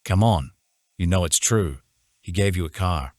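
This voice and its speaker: A man's voice: sits low, a little slow, no room sound, studio quality. A man reading a cheeky young man who teases his friends in an audiobook. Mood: teasing. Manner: playful, teasing. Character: joking brash young man, teasing friend.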